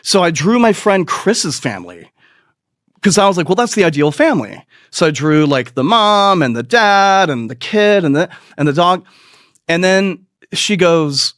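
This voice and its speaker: A middle-aged man telling a rambling, profane comic story with quick asides and put-on voices. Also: sits high, big pitch swings, a bit bright, no room sound, studio quality. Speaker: comedian. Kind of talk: stand-up storytelling.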